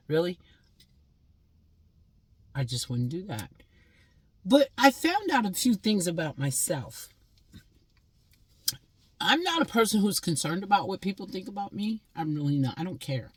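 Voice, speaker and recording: A woman's voice: deep voice, darkish tone, breathy edge, dry recording. A woman in her sixties from Pennsylvania, delivering a blunt, profane, scolding monologue as a vlogger. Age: 60s.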